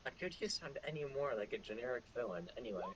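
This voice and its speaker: A man's voice: medium pitch, big pitch swings, fast, muffled recording. A man, a player in a tabletop game, speaking in character with wry, probing questions. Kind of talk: in-character tabletop role-play.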